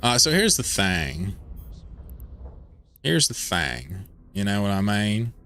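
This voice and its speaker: A man's voice: fairly low pitch, sing-song, slow pace, bright, forceful tone, full character voice. A man voicing a swaggering, stubborn Southern redneck with an exaggerated Southern US drawl, folksy and cussing. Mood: ornery.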